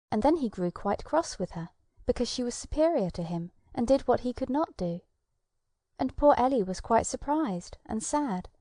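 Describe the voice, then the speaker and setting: A woman reading a children's storybook aloud, narrating gently with soft whispered asides. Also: medium pitch, dry recording, clean studio sound. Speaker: audiobook narrator.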